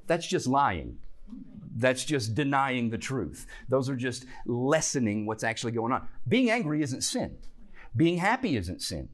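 Man teaching a church class, lively rising and falling pitch, earnest, restarts sentences. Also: a little slow. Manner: earnest, animated explaining with restarts.

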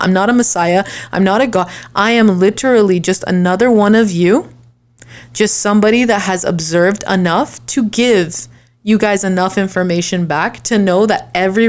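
A woman talking straight to her viewers in an earnest, emphatic motivational monologue, full of rhetorical questions and restarts, slowing down for key lines and rushing through asides. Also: medium pitch. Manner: swings between slow deliberate lines and quick asides. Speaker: online creator. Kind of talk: impassioned motivational talk to viewers.

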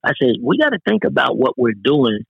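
Middle-aged male guest, earnest and chatty, mid-pitched voice, dry slightly dull recording. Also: sing-song, fairly quick, vocal fry, slightly rough, no echo. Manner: earnest, peppers speech with "man". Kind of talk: casual interview talk.

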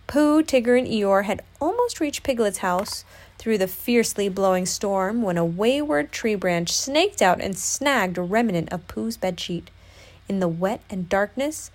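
A woman, a mother, reading a storybook aloud to her child at home in an expressive way. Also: medium pitch, measured pace.

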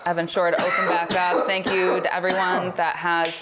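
A woman's voice: fairly low pitch, level tone, normal speed, heavy background noise. A woman co-hosting alongside her partner, chatting candidly and casually. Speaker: co-host, host's partner. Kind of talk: casual chat.

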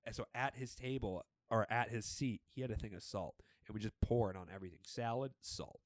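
A young man co-hosting a podcast, chatting casually and telling animated, swear-filled stories about old jobs. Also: fairly low pitch, a little fast, no room sound. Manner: animated storytelling, swears freely. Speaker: podcast co-host. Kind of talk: casual chat.

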